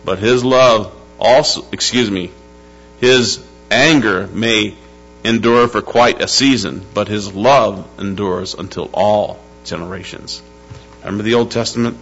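Male pastor, emphatic sermon delivery, slow and deliberate, bright timbre. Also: fairly low pitch, vocal fry, breathy edge. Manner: emphatic preaching, slowing to stress words, calling out to the church. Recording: dull lo-fi sound with faint music and hum.

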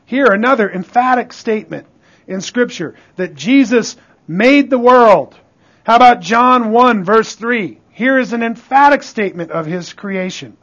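A man's voice: sits high, fairly bright tone. A man preaching a sermon, reading scripture with heavy stress and calling out "Amen?" to the congregation. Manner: emphatic, calls out "Amen?" to the congregation; reads scripture slowly and with stress. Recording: dull lo-fi recording.

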